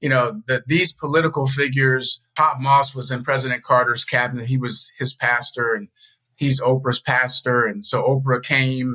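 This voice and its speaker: Bright-voiced man telling stories. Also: moderate pace, poor audio. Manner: animated storyteller, jumps higher when quoting others. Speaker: guest, motivational speaker and coach. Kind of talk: casual storytelling interview.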